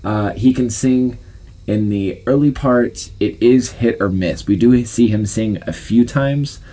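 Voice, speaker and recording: A man's voice: medium pitch, unhurried, mellow. A man co-hosting a casual podcast debate, laughing often and rambling with restarts. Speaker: podcast co-host.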